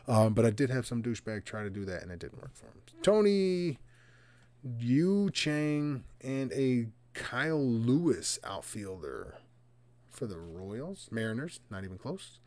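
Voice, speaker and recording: A man hosting a live trading card box break, bantering loudly with viewers and teasing them in coarse language. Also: mid-range voice, lively intonation, unhurried.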